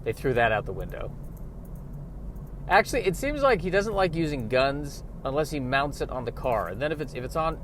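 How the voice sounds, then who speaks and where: A man rambling casually in a deadpan way, with lots of hesitant fillers. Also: a little high, fairly quick, slight background noise. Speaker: vlogger.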